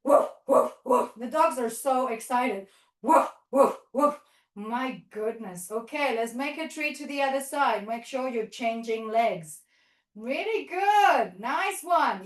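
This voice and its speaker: A woman teaching a playful toddler yoga class, giving encouraging step-by-step cues, with sing-song lines and barking animal noises. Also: high-pitched. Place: yoga studio or hall. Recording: echoey room.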